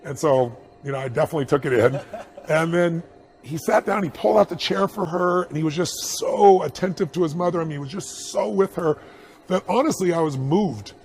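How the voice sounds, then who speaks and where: A middle-aged man telling a personal anecdote in an interview, animated and chuckling as he acts out the dialogue. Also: on the high side, brisk. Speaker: interview guest.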